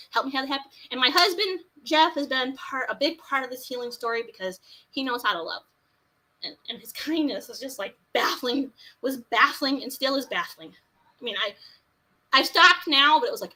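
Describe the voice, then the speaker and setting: A woman with a high, bright voice tells her own story as a guest, with fierce, raw feeling. She swings from low, quick asides to loud, cracking outbursts. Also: animated, rough recording. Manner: impassioned, swings from quiet to shouting. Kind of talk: emotional personal testimony.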